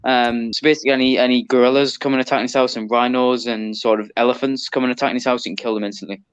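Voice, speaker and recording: A man's voice: medium pitch, steady tone, rapid-fire, clean tone, no room sound. A man from northeast England with a Sunderland accent, chatting as a podcast guest with dry, teasing humor. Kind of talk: casual chat. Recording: dull, dry, lo-fi sound.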